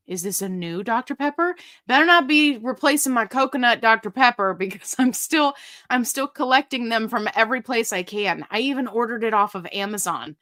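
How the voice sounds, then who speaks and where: A woman hosting a casual live stream, chatting with viewers and reading their comments in a lively, joking way. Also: a little high. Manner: chatty and animated, quick asides and laughs. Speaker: livestream host.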